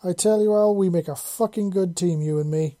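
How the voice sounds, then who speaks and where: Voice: mid-range voice, normal speed, warm tone, dry recording, clean studio sound, lightly acted. A narrator voicing a bold, flirtatious female robot soldier who teases playfully, read from a storybook. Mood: teasing. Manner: teasing, playful.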